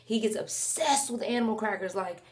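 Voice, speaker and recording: A young woman chatting to the camera at home while holding her baby, animated and chatty, breaking off to talk to him. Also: medium pitch, normal speed. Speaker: mom vlogger. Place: at home indoors.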